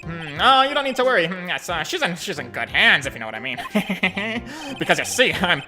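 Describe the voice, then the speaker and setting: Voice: medium pitch, big pitch swings, normal speed, over music, close to an everyday voice. A gamer voicing a sleazy, lecherous male clinic director who talks in a smarmy, rambling way.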